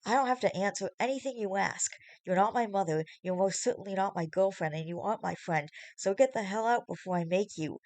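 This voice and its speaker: A woman's voice: mid-range voice, a little fast, few pauses, darkish tone, no echo, close to an everyday voice. A woman voicing an angry, protective young man in a storybook reading, heated and snapping.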